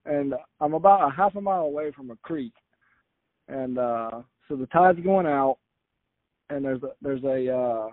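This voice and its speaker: A man's voice: mid-range voice, no echo. A man from rural Florida telling a long casual story, rambling and correcting himself with frequent "uh". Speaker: guest storyteller. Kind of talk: casual anecdote. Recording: tinny phone-like line, dry.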